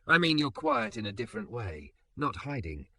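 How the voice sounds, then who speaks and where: A man voicing a calm, patient young man in a romance story, low and reassuring with a light tease. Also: normal speed, vocal fry, no room sound, distant mic, exaggerated voice. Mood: tender.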